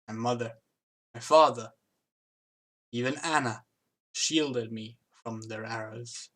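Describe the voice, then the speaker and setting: A woman voicing a timid young prince who pleads softly. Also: a bass voice, slow pace, heavily acted. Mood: shaken.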